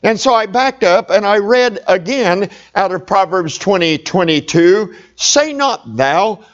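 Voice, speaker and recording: A man's voice: high voice, steady tone, measured pace, highs cut off. A middle-aged male pastor telling a humorous personal story in a sermon, talking straight to his congregation. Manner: folksy, humorous, talks to the congregation.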